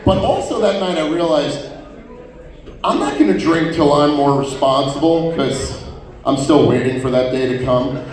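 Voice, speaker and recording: A man performs a stand-up set, spinning profane anecdotes and jumping into voices for the people in them. His pitch sits a little high and moves around a lot. The sound is distant and washed in the reverb of a live venue. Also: animated, normal speed, a little mellow. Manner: profane storytelling with many acted-out quotes. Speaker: stand-up comedian. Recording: roomy venue sound from far off.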